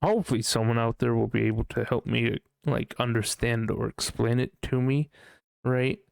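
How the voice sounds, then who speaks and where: A man's voice: medium pitch, fairly even intonation, moderate pace, vocal fry, no room sound, studio quality. A man hosting a casual solo podcast, rambling and swearing as he thinks aloud, often unsure of himself. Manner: rambling, profane, unsure musing. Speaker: podcast host.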